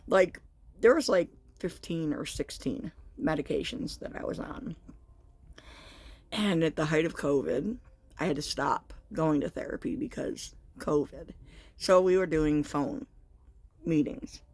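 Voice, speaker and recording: A woman's voice: low voice, a little mellow, no room sound. Frank woman telling a personal story. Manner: frank, confessional, halting with fillers. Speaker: vlogger.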